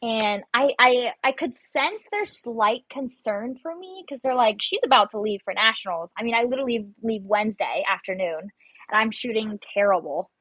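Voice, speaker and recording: A woman's voice: on the high side, lively intonation, moderate pace, fairly bright tone, husky, no echo, low-quality recording. A young adult woman, a guest on an interview show, telling stories in a chatty way and acting out her own panicked lines. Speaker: guest, competitive shooter. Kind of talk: casual interview chat.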